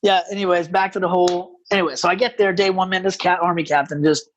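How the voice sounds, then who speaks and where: Man, podcast guest, rambling storyteller, animated, loose casual delivery. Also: high-pitched, fast talker, muffled recording, slight background noise. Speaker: podcast guest, combat rescue officer.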